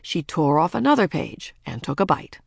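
A woman narrating a children's storybook in a lively, expressive way. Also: low-pitched, normal speed, vocal fry, no echo, clean studio sound. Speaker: audiobook narrator.

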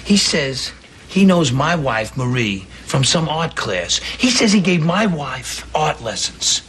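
A man's voice: on the high side, sing-song, slow, fairly bright tone, a little hiss or hum, full character voice. An actor playing a worried, fumbling father who stammers and hesitates, in a sitcom. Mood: troubled. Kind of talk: sitcom acting.

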